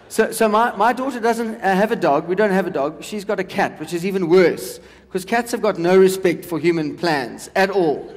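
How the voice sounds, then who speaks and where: High-voiced South African comic in a hall. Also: male voice. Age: 40s. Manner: chatty, teasing the crowd, quick asides. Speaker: stand-up comedian. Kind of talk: stand-up comedy set. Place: large hall on stage. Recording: long hall reverb.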